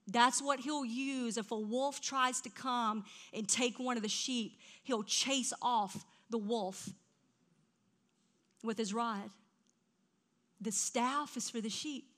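Woman preacher, middle-aged, high bright voice, animated storytelling that swings from hushed to loud. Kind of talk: sermon.

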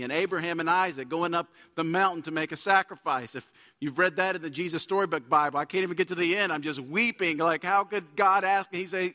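A man's voice: fairly high pitch, a little fast, few pauses, bright, forceful tone. A man preaching a sermon as pastor in a church, earnest and building to emphatic points. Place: church sanctuary. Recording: long church hall reverb.

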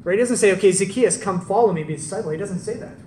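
Male preacher, conversational and animated, recorded from a distance with faint background noise. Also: sits high, racing, roomy sound. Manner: conversational, animated storytelling with rhetorical questions. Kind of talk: sermon.

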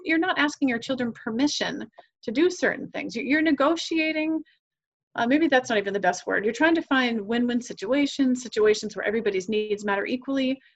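A woman's voice: on the high side, muffled recording. A woman guest on a podcast talking earnestly about parenting, acting out quoted conversations as she tells stories. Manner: earnest, enthusiastic, acts out quoted dialogue. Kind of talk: podcast interview, animated storytelling.

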